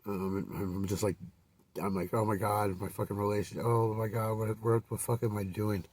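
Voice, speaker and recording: A man's voice: lowish voice, little pitch movement, normal speed, a little mellow, no room sound, recorded from a distance. A man telling a rambling, profanity-filled personal story with many fillers and restarts.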